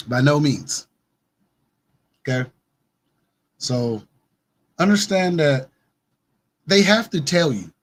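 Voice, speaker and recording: Insistent, higher-pitched man hosting news commentary. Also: animated, takes it slowly, pauses often. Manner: emphatic, insistent, repeats his points. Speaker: host of a news commentary show. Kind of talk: casual conspiracy news commentary.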